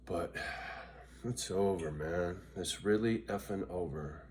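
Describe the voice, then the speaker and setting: This low, dark-toned voice belongs to a tired, loopy middle-aged man who takes it slowly while vlogging casually. He swears freely and often asks "right?", with slight noise in the background.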